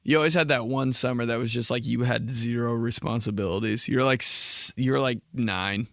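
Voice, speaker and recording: A man's voice: medium pitch, fairly even intonation, normal speed, creaky, a bit bright, dry recording. Brief: man in his twenties, casual slangy podcast rambler, dry close mic. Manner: rambling, slangy, heavy swearing. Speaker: podcast host. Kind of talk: casual comedic monologue.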